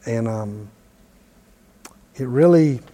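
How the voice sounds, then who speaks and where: Warm-voiced man teaching in a reverberant hall. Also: mid-range voice, animated, drawn-out words. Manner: conversational, self-deprecating storyteller. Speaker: ministry teacher. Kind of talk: informal teaching with personal story.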